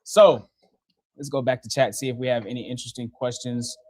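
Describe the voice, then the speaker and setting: A man's voice: mid-range voice, fairly even intonation, a little fast, darkish tone, dry recording. A young man giving a casual live-stream weather update from a TV studio, chatty and laughing often as he works the radar. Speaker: TV meteorologist. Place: TV station studio.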